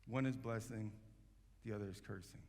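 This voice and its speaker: A man's voice: fairly low pitch, steady tone, brisk, darkish tone. A man preaching a sermon as pastor, talking in a loose, conversational way with frequent restarts and fillers. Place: church sanctuary. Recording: long church hall reverb.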